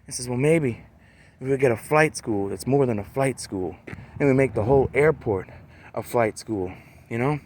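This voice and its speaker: A man talking in a loose, rambling monologue, peppering his talk with "man" and "you know" and slowing down to stress words. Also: mid-range voice, a little mellow, a little hiss or hum.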